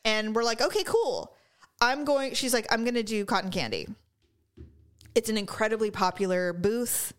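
A woman's voice: on the high side, moderate pace, smooth. A middle-aged woman from California, telling a story in casual chat and swearing freely.

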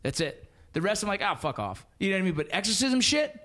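A man in his thirties telling stories in casual podcast chat, animated and profane with lots of slang. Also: high voice, quick pace.

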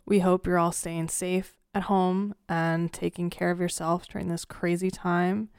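A woman's voice: fairly low pitch, flat delivery, measured pace, darkish tone, smooth, no room sound. Woman podcast host, casual announcement, dry close sound, earnest. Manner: earnest, chatty, with fillers. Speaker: true crime podcast co-host.

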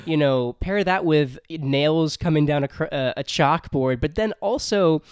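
A man hosting a casual book discussion podcast, animated and laughing often as he talks. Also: fairly high pitch, unhurried, clean tone.

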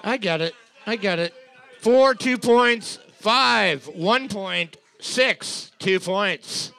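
Gravelly, high-voiced man swearing through quiz scores. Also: very slow, pushed and bright. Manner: crude, joking, swears a lot. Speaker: trivia night co-host. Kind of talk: casual banter while scoring a music quiz.

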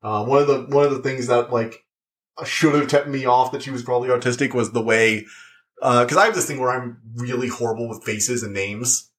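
A young man chatting his way through a show review with easy informality. He rambles and fills the gaps with likes and uhs. His voice sits at an ordinary middle pitch. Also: steady tone, fairly quick, fairly bright tone. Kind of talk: casual review chat.

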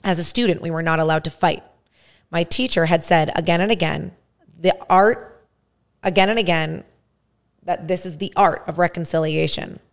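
A woman hosting a podcast reads a first-person story aloud at a measured pace. Her voice is low, with a gravelly fry running through it. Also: fairly even intonation. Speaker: podcast host. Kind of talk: story reading.

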